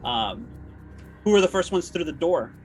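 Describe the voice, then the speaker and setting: Male game master, slightly high voice, hesitant fillers, faint music bed. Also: expressive, normal speed, a little mellow. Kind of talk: narrating a tabletop horror game.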